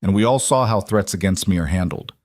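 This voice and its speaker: A man reading a cold, quiet mafia boss. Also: deep voice, brisk, no room sound, natural voice. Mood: commanding. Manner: quiet and deadly. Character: cold, controlled male mafia boss in wheelchair.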